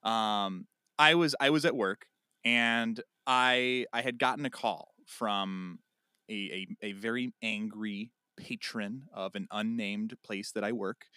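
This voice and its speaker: A man co-hosting a casual chat podcast, telling an animated story and acting out a phone call. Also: lowish voice, slow pace, smooth, no echo, clean studio sound. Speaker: podcast co-host.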